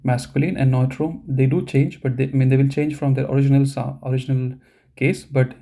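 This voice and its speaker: A man's voice: medium pitch, flat delivery, a little fast, gravelly, warm tone. A man teaching a live online language lesson, patiently repeating each point and checking in with the class. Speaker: German teacher.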